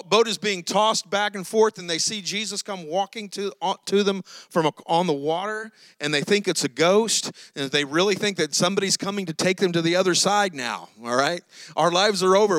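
A man preaching with a high, bright and forceful voice. He tells the story with animated energy, like a preacher drawing his listeners in. The sound is close and dry, with little room echo. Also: moderate pace. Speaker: pastor. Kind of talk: sermon.

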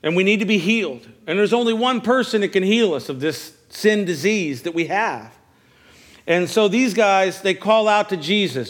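A man's voice: high-pitched, lively intonation, normal speed. A male pastor preaching a sermon at a church service, asking his listeners questions and repeating his key phrases. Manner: preaching with call-and-response questions; repeats phrases, stammers on restarts.

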